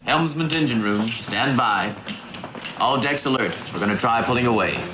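A man's voice: mid-range voice, lively intonation, moderate pace, sharp tone, echoey room, muffled recording, soft background music, pitched above the performer's own voice. An actor playing a starship helmsman who calls out clipped, urgent commands.

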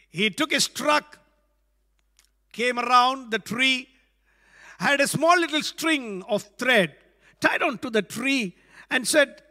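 A man preaching a sermon to an empty church, telling a story slowly with many fillers. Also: very high voice, animated, sharp tone, big-room sound. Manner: slow, hesitant, many fillers. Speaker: pastor. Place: church without congregation.

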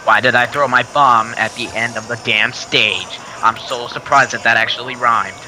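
A man playing an online kart race with friends, loud and excitable, shouting and shrieking at wins and losses. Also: medium pitch, moderate pace, rough recording. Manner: loud, shrieks and shouts when losing or winning. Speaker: online game player. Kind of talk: excited gaming banter.

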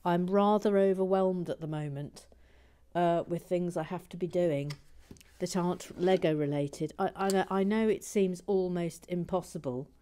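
On her livestream, a woman chats casually while she builds and reads viewer messages out loud, her voice sitting on the low side. She's talkative and self-deprecating, full of restarts, and often slips into soft whispered asides, all at a measured pace with a smooth sound.

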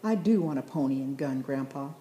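Storybook: earnest young country boy, a woman reading him; low mellow read, roomy sound. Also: lively intonation, a little fast. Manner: earnest, eager.

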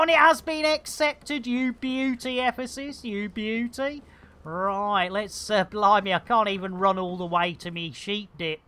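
A woman's voice: medium pitch, fairly bright tone. A woman streaming a space game live, chatting to herself in a jokey way full of playful slang and muttered asides. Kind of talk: live gameplay commentary.

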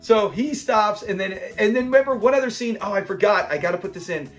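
A young man hosts a casual episode breakdown, talking in a fairly high voice. He retells scenes with real enthusiasm and laughs along. Faint music sits underneath. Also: brisk. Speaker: host of a classic TV episode breakdown channel.

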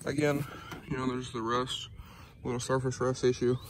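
A man's voice: medium pitch, normal speed, noisy background. A man giving a casual, rambling review of his truck hitch outdoors, with lots of ums and y'all. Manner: relaxed, rambling, many "um"s and "y'all".

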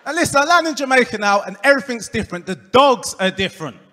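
A man with an Essex accent doing a stand-up comedy set, delivering deadpan punchlines and working the crowd. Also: extremely high pitch, fast talker. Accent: Essex English. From England. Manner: deadpan punchlines, crowd work, puts on voices for quoted people. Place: comedy club stage before a live audience. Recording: live club room with long reverb.

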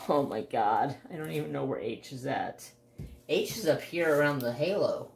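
A woman hosting a crafts channel, chatting casually and gushing with excited exclamations as she unboxes a kit. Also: extremely low pitch, a little slow, creaky, slight background noise. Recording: roomy echo, faint ambience.

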